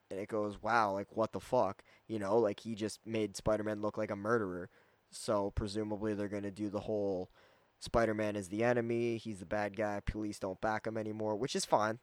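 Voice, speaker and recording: A man giving a casual, rambling movie review, full of fillers and quick acted-out quotes. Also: lowish voice, no echo. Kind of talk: casual spoken film review.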